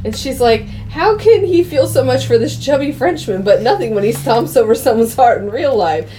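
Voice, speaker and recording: A woman's voice: a little high, expressive, normal speed, mellow, a little hiss or hum. A woman co-hosting a podcast, casually retelling a film's plot and acting out the characters' lines with laughter. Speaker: podcast co-host. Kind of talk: casual movie recap chat.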